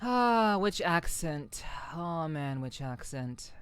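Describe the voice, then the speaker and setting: A young woman chats through her gameplay stream in a relaxed, joking way, dropping swear words and repeating phrases as she thinks aloud. Her voice sits a little low for a woman and sounds smooth and clean. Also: slow pace. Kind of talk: casual gameplay chat.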